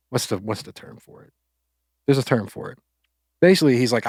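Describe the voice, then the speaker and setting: A man's voice: medium pitch, lively intonation, fairly quick, darkish tone, breathy edge, dry recording, studio quality. Casual male podcaster retelling a story. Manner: loose, conversational, acts out quotes with filler words. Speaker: podcast co-host.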